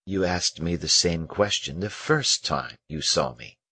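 Gentle young prisoner, wistful and earnest, read by a man in a raised husky voice, slow and dry. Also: deep voice, animated, dry recording, exaggerated voice. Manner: earnest, wistful and soft-spoken. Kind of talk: audiobook character reading.

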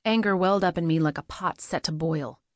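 A woman narrates a first-person story in a measured, steady way, reading it aloud as an audiobook. Her voice is on the low side, and the recording is dry and close with no room sound. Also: no room sound.

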